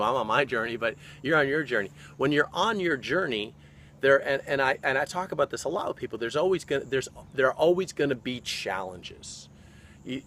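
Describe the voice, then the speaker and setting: Fitness coach, male, bright and forceful, animated motivational delivery, mid pitch. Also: a little hiss or hum. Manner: animated, often checks in with "okay?" and "right?". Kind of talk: motivational vlog talk.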